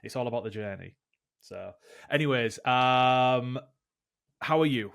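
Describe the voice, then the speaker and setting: A man's voice: medium pitch, gravelly, a bit bright, clean tone. Jokey man bantering. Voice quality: chatty, jokey banter, quick agreement. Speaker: podcast co-host. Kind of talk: casual chat.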